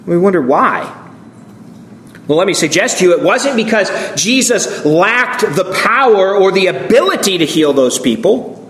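A man's voice: high-pitched, big pitch swings, moderate pace, fairly bright tone, reverberant. A man preaching a sermon as pastor, reading scripture aloud and acting out the quoted voices with feeling.

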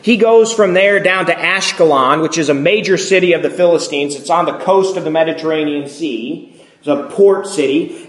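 A man delivers a sermon, retelling a scripture story with animated storytelling and acting out the characters' voices. His voice sits a little high for a man. The sound is roomy, with clear echo. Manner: lively storytelling, acting out the quoted lines. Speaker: pastor.

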